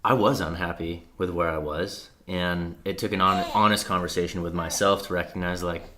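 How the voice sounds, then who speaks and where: A man with a very deep voice talks candidly and reflectively in a relaxed conversation. He fills his speech with loose asides and the odd curse. A faint noise sits under the recording. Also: normal speed. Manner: earnest, reflective, with frequent "like" and casual swearing. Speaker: podcast guest.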